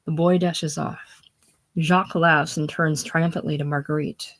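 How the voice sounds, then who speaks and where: A woman's voice: sits low, fairly even intonation, a little slow, a bit bright. A woman casually reading a play aloud, reading the stage directions plainly. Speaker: reader.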